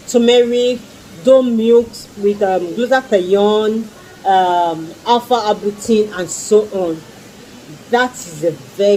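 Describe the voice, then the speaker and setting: A woman's voice: mid-range voice, warm tone, slight background noise, low-quality recording. A woman reviewing skincare products in a casual vlog, gushing and repeating her exclamations and pleas. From Nigeria. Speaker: skincare vlogger.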